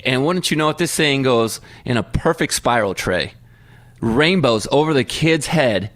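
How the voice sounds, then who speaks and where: A man's voice: medium pitch, animated, a little slow, fairly bright tone, no echo, clean studio sound. A man in his thirties, a podcast co-host telling a long story in casual chat and acting out the voices in his quotes.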